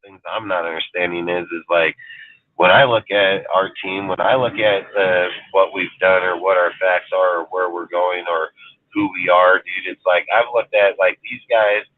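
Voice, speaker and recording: A man's voice: low-pitched, steady tone, moderate pace, no room sound. A man talking sports in a casual chat, exasperated and swearing freely. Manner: exasperated, profane, says "dude". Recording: tinny phone-like line, dry.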